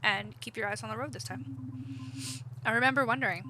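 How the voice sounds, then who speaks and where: A woman's voice: on the high side, fairly quick. Streamer woman reading game dialogue aloud. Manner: casual, reads all parts in her own voice with light commentary. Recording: steady background noise.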